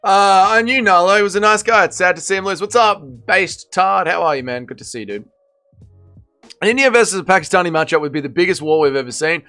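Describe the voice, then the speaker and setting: A man's voice: high-pitched, fast, bright, forceful tone, faint music behind. A man hosting a casual livestream watch party, tired and hungover, rambling and swearing in slangy banter with his chat. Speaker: livestream host.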